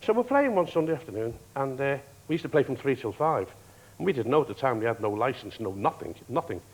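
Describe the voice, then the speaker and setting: A man, a guest on a TV talk show, telling stories in a lively way, often laughing and acting out other people's lines. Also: medium pitch, quick pace, rough recording. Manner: lively raconteur, laughs often, acts out quoted voices. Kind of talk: anecdotal storytelling. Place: TV studio.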